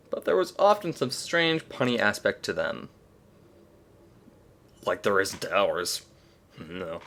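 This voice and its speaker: Male reader of fan fiction with a lively, bouncing delivery. He is casual and chatty, stops for asides and cusses. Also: fairly low pitch. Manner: chatty asides, swearing, laughing at the story. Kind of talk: casual reading with commentary.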